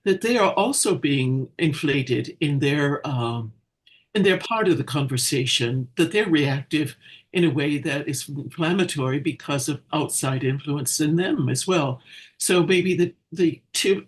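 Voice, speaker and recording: A man's voice: on the high side, measured pace. A man co-hosting a casual spiritual discussion, talking in a thoughtful, hesitant way.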